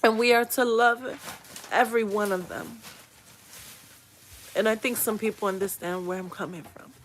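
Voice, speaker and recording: A woman with a mid-range voice hosts a livestream, reading comments aloud and offering heartfelt, tearful spiritual encouragement that turns pleading at times. Her tone stays steady and her pace moderate, with background noise behind her.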